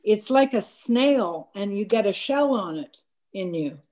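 A woman tells a gathered audience a candid, self-mocking personal anecdote, bringing in lively quoted dialogue and frequently stammering and restarting. Her voice is mid-range and a little slow.

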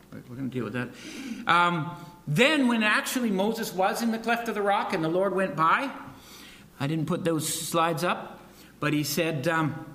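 A man's voice: a little high, sharp tone, roomy sound. A man preaching a sermon in a conversational way, with frequent asides and restarts. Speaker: pastor.

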